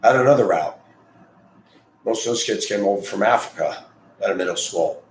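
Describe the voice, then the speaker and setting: A man's voice: fairly low pitch, animated, brisk, a little hiss or hum. Blunt rambling man in an echoey room. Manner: blunt, rambling, gets heated and loud. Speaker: school bus driver. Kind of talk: opinionated monologue.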